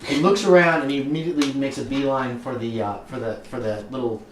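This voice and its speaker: Game master, male, halting delivery, distant mic in an echoey room, faint background noise. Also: mid-range voice, steady tone, crowd noise. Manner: hesitant, many ums and restarts. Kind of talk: narrating a tabletop game.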